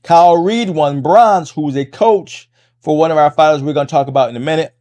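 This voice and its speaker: A middle-aged man hosting a podcast, talking fast in a casual monologue, restarting phrases and tagging lines with "right?". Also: a little high, mellow. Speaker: podcast host and MMA coach.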